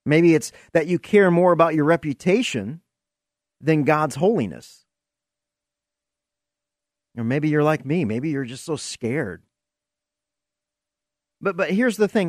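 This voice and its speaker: An earnest man delivers a preaching-style podcast monologue, unhurried and deliberate, telling the story with emphasis. His voice sits a little high for a man. The sound is close and dry, with no room around it. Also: lively intonation, no room sound. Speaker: podcast host.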